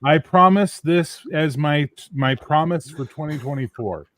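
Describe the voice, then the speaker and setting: A man's voice: on the high side, a little slow, a bit bright, no echo. A man joking and teasing in a casual group chat on a stream.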